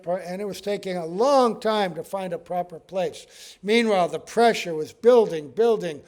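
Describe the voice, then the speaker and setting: A man's voice: high-pitched, moderate pace, a little mellow. A man teaching a scripture class, telling stories with acted-out quotes and often asking "right?". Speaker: spiritual teacher.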